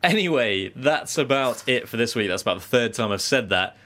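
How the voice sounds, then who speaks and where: A man's voice: mid-range voice, animated, fairly quick, sharp tone. A man co-hosting a podcast in casual chat, jokey and laughing often. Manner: jokey, laughs often, does silly voices. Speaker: podcast co-host.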